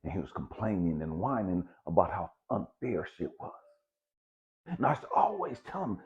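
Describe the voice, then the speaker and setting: A middle-aged motivational speaker with a low voice delivers a blunt, profane pep talk at normal speed, very animated and hammering his points through repetition. The recording sounds dull and lo-fi.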